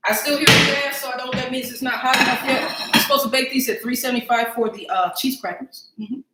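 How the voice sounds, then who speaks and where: A woman's voice: fairly high pitch, steady tone, fast, reverberant, very noisy. A woman hosting a casual cooking livestream, chatting to viewers as y'all and thinking aloud as she cooks in her home kitchen.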